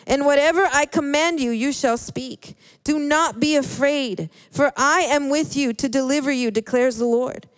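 A woman preaching a sermon in an earnest, halting way, often restarting her words. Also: high-pitched, no echo. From Hispanic background.

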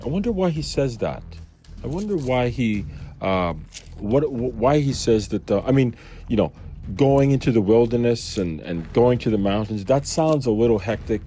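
A man's voice: mid-range voice, expressive, moderate pace, dark tone, faint music behind. A man giving a casual Bible commentary, musing and thinking aloud as he questions himself. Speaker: Bible study teacher.

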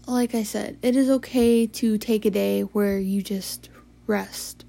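A tired young woman hosting a late-night confessional podcast, talking softly and haltingly, with sighs, yawns and whispered stretches. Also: mid-range voice, steady tone, gravelly. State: sleepy. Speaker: podcast host.

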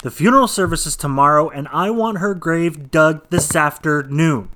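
A gaunt old mortician, voiced by a man, lectures his gravediggers in a clipped, high voice. He is dry and formal, and plainly fed up with them. It has the feel of an amateur radio play. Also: moderate pace, background noise, lightly acted. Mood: stern. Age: older.

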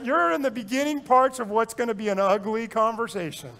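A man preaching a sermon as pastor, swinging between loud urging and quiet reflection, repeating phrases and joking with the congregation. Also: extremely high pitch, brisk, vocal fry, few pauses. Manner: repeats phrases for effect, jokes and chuckles.

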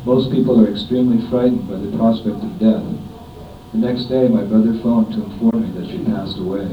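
A homage letter is read aloud by a middle-aged disciple from the US, whose delivery is solemn, measured and steady in tone. It's a written devotional offering, captured in a dull, echoey room recording from a distance with faint rumble.

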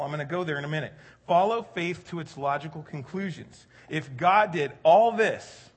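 A middle-aged man preaching a sermon in a relaxed, conversational way, joking with the congregation and rising louder for emphasis. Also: a little high, breathy edge. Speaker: pastor.

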